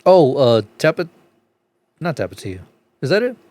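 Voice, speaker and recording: A man co-hosting a comedy podcast, telling crude stories in profane casual banter, laughing often and acting out other voices with big jumps in pitch. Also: very animated, moderate pace, a little mellow, no echo. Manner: profane storyteller, laughs through his stories. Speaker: podcast co-host. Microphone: podcast studio mic.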